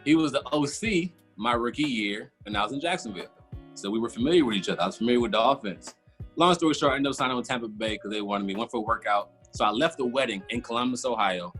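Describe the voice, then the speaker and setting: A man's voice: mid-range voice, fast talker, a bit bright, faint music behind. A man, casually telling a long story as a podcast guest and acting out his own past reactions. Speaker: former football player, guest.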